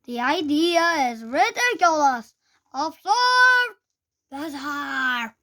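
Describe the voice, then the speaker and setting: A woman reading aloud and voicing a loud, bossy man teacher who scoffs and roars at his pupils. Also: high voice, sing-song, drawn-out words, pitched above the performer's own voice, exaggerated voice. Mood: pompous. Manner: roaring, scornful.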